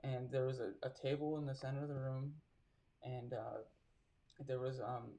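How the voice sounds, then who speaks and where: Reflective man telling stories haltingly. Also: mid-range voice, flat delivery, warm tone. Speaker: tattoo artist guest. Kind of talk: casual interview conversation.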